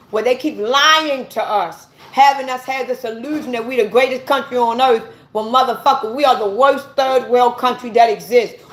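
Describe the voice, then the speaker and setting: A woman from the United States giving an impassioned, profane, preachy rant straight to her viewers. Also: a little high. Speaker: vlogger. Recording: echoey room.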